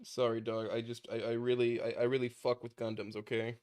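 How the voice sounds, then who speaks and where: A man's voice: medium pitch, completely flat delivery, a little fast, a little mellow, clear, resonant tone. Joking, stammering man streaming a game. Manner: joking, profane, stammering restarts. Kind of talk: casual let's-play chat, reading game text aloud.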